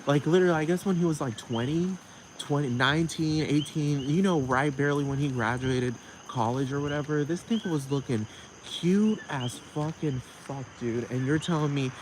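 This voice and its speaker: A man's voice: fairly high pitch, moderate pace. Sassy, foul-mouthed man ranting. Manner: sassy, heavy swearing, frequent laughter. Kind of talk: casual profane rant to camera. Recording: noisy background with crickets.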